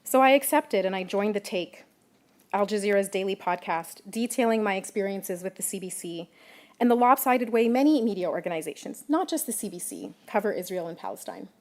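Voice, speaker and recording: A woman journalist giving a prepared public talk, measured and emphatic, stressing key words. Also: medium pitch, expressive. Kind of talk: prepared lecture.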